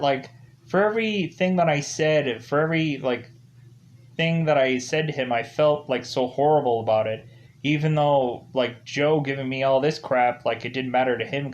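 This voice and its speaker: A man's voice: mid-range voice, dull audio. Rambling man giving a casual film review. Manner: rambling, leans heavily on "ultimately" and "like" as fillers; loosely acts out characters' lines in quotes.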